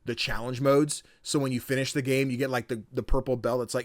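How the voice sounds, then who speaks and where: Animated guy co-hosting a podcast, laughs a lot, dry close sound. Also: medium pitch, brisk, no echo. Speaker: podcast co-host. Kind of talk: casual chat.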